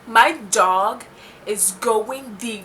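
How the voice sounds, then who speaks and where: A woman's voice: on the high side, very slow. A young woman vlogger telling a spooky story, acting out the lines and saying "like" a lot. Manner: animated, acts out dialogue, says "like" a lot. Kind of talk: storytime vlog.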